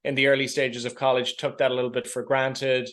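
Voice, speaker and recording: An Irish man in his thirties talks through his answers in a relaxed podcast interview. He is hesitant, often restarting and repeating words as he gathers his thoughts, and his pitch sits right in the middle. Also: fairly quick. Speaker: podcast guest. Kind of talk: casual interview chat.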